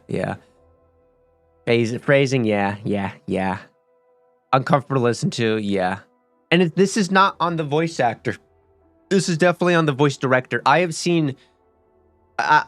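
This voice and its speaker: A young man streams his gameplay with loose, rambling talk, frequent swearing, lots of fillers, and sentences he keeps restarting. His voice is mid-range and fairly bright, with no room sound.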